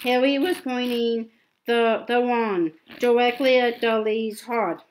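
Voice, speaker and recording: A woman's voice: fairly high pitch, fairly even intonation, takes it slowly, slight background noise, poor audio. A woman reading a novel aloud, stumbling often and repeating words as she goes. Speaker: amateur reader.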